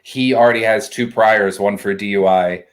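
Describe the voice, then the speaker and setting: A man co-hosting a casual chat, relaxed and joking, swearing now and then. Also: fairly low pitch, normal speed. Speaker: podcast co-host.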